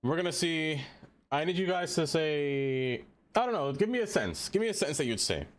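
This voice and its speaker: A man's voice: fairly high pitch, very animated, brisk. A man live-streaming a city-building game, chatting casually with his viewers and laughing often.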